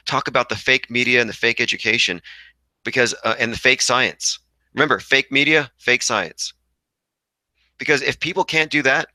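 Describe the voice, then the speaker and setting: A man's voice: medium pitch, pushed and bright, dry recording, poor audio. A young man hosting a casual livestream, reading viewer comments aloud and rambling combatively. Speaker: livestream host reading chat.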